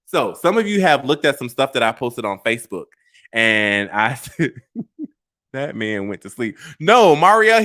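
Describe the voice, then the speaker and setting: A sassy man spins a dating story for his viewers, his voice leaping all over the place with a bright, forceful edge. He chats casually, often laughs at himself, and the sound is close and dry with no room around it. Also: medium pitch, no echo. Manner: sassy, animated, talks straight to viewers; laughs at own stories. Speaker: vlog host.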